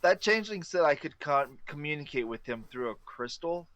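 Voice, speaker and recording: A man's voice: a little high, lively intonation, fairly quick, fairly bright tone. A man playing a tabletop game, reading out his spell and stumbling over his words. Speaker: player. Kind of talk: casual tabletop play.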